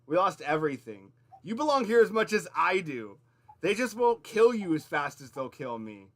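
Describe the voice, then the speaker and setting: A man's voice: on the high side, sing-song, normal speed. A man voicing a cocky, flippant male rogue who talks in slangy banter.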